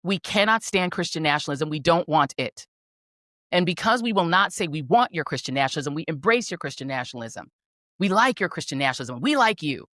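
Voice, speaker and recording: A woman's voice: low-pitched, expressive, a little fast, a bit bright, no echo, clean studio sound. A woman delivering an impassioned political rant, fiery and rhetorical, hammering repeated phrases for emphasis. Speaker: political commentator.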